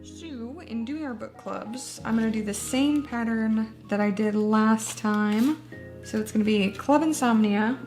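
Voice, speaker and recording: A woman's voice: mid-range voice, a little mellow. A woman chatting casually while she decorates a journal page, self-deprecating and laughing often. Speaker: booktuber. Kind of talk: casual chat while crafting.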